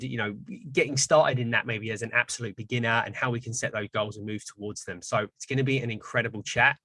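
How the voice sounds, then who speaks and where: Man, podcast host, bright tone, dry close sound, enthusiastic, rambling. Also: medium pitch, no room sound. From not from Canada. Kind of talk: casual interview chat.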